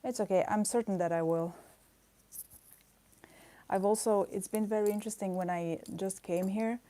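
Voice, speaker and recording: Soft-spoken woman rambling while drawing. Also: medium pitch, steady tone. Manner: soft, rambling, thinking aloud with pauses and fillers. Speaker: artist streaming her drawing. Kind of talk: casual live-stream chat while drawing. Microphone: camera mic.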